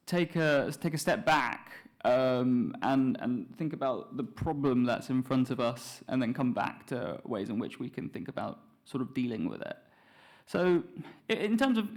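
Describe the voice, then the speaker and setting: Male panelist, gravelly voice, halting, restarts often. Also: medium pitch. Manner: thoughtful, restarts and repeats words. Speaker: panel speaker. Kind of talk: panel talk.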